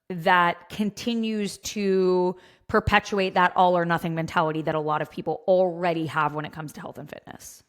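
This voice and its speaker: A woman in her thirties co-hosts a fitness podcast, chatting casually and offering candid opinions. Her voice is lowish and level, her pace moderate, and she thinks aloud with plenty of fillers.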